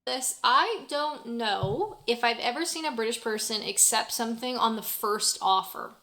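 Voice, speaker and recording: A woman's voice: fairly high pitch, lively intonation, normal speed, bright, forceful tone. A woman narrating a travel vlog in a chatty, playfully humorous way. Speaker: travel vlogger.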